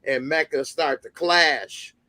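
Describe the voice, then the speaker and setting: A man's voice: on the high side, takes it slowly, bright, forceful tone, dry recording. A man hosting a casual TV recap chat, laid-back and slangy, laughing often. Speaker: show host.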